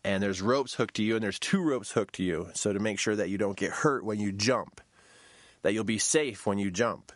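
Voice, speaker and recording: A man telling a personal story in a storytelling talk, shouting quoted lines in a high voice. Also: moderate pace, dry recording, clean studio sound.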